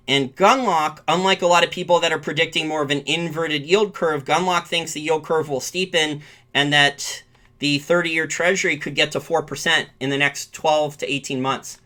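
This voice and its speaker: On his live-streamed finance show, this host talks markets in a somewhat high, bright, pushed voice. The commentary rambles, with frequent mid-sentence restarts and self-corrections.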